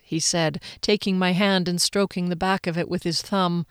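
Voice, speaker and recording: A woman narrating a first-person audiobook in an expressive, bubbly way, her pitch leaping up on excited lines. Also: normal speed, few pauses, clear, resonant tone, no echo, studio quality.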